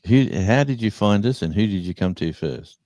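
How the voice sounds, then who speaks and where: A man's voice: fairly low pitch, expressive, normal speed, a little mellow, dry recording. An older Australian man from New South Wales co-hosting a casual live stream, rambling and correcting himself as he chats. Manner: rambling, self-correcting, chatty storytelling. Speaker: livestream co-host.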